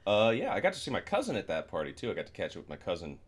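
A man's voice: low-pitched, huge pitch swings, very fast, husky. A man co-hosting a podcast, chatting easily, laughing often and giving short replies. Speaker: podcast co-host. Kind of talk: casual chat.

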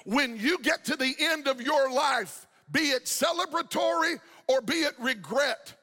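A man preaching a sermon, shouting and half-singing his phrases with passion. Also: very high-pitched, a little slow, big-room sound.

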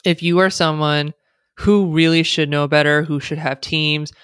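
A woman's voice: deep voice, fairly even intonation, moderate pace, fairly bright tone, clear, resonant tone, no room sound, studio quality. An American woman speaking as a podcast guest, chatty and sarcastic, often laughing as she talks. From United States. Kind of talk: casual podcast interview.

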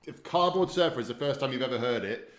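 A man's voice: medium pitch, animated, fast. A man hosting a casual chat, reading out listener questions and fumbling for clips. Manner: chatty, stumbles over restarts while finding clips. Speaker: host. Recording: roomy echo.

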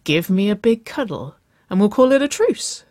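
A woman reading a story aloud and voicing a confident young woman who teases in a relaxed way. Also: medium pitch, moderate pace, no echo, clean studio sound, pitched above the performer's own voice, close to an everyday voice. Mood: cheeky. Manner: teasing and relaxed.

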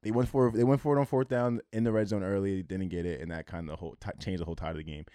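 Fast-talking excitable young man. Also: low voice, clear, resonant tone, no echo, clean studio sound. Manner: excitable, swears, repeats himself. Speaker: sports podcast co-host. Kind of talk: casual sports betting chat.

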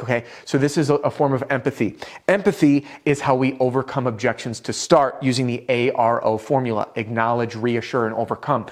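A man with a voice of ordinary pitch gives a sales lesson straight to the viewer. He talks in an upbeat, direct coaching manner. Self-conscious chuckles sometimes break in between his points. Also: steady tone, fairly quick, hardly any pauses. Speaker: roofing sales trainer. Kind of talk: instructional video talk.

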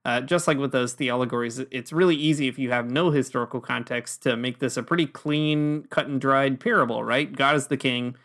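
A man's voice: mid-range voice, a little fast, few pauses, a bit bright. A man co-hosting a podcast, talking through ideas thoughtfully and hedging with fillers. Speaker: podcast co-host. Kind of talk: casual discussion.

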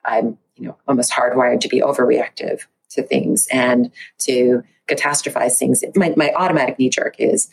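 A woman's voice: extremely low pitch, fairly even intonation, moderate pace, vocal fry, few pauses, husky. A woman researcher, a podcast guest, speaking candidly and reflectively, acting out her own inner dialogue. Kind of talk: candid conversational interview.

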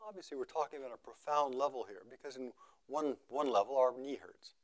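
A male meditation teacher speaking in a contemplative, unhurried way. He repeats phrases for emphasis, and his voice often sinks to near quiet at the end of a thought. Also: medium pitch. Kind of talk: contemplative dharma talk.

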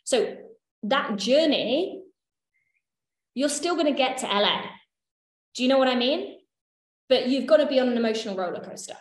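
A woman's voice: high-pitched, animated, normal speed, pauses often. A woman leading a workshop, teaching in a casual, chatty way, swearing offhand and checking that her listeners follow. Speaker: workshop leader. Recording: echoey room.

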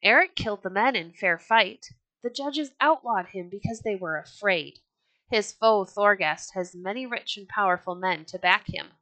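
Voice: medium pitch, normal speed, bright, forceful tone, no echo, rough recording. A woman voicing an indignant villager who protests in a storybook reading. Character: indignant villager defending an outlaw.

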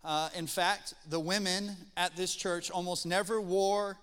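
Male pastor, bright, crisp voice, folksy sermon delivery, long hall reverb. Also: high-pitched, a little slow, hardly any pauses. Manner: folksy, animated storyteller. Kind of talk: sermon with storytelling.

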